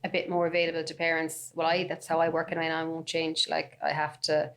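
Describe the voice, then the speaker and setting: A woman, a special education teacher, chatting warmly and eagerly as a podcast guest. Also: low-pitched, monotone, brisk. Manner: warm, enthusiastic storyteller. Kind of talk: casual podcast chat.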